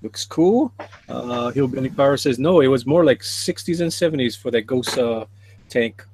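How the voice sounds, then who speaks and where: A man's voice: medium pitch, moderate pace, a little mellow, slight background noise. A man hosting a casual livestream, reading viewer comments aloud and chuckling often. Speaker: livestream host reading chat.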